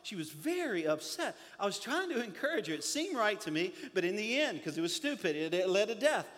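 High-voiced preacher in an echoey hall. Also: male voice, brisk. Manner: animated storytelling with humor. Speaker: pastor. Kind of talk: sermon. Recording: reverberant hall.

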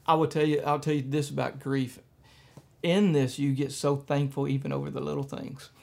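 A man pastor telling a personal story in a church message, soft-spoken and halting, with frequent fillers. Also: medium pitch, little pitch movement, vocal fry.

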